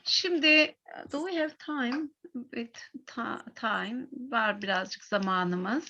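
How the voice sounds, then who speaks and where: A middle-aged woman with a Turkish accent teaching an English class, explaining patiently in halting sentences with many fillers. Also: a little high, sharp tone, dull audio, a little hiss or hum.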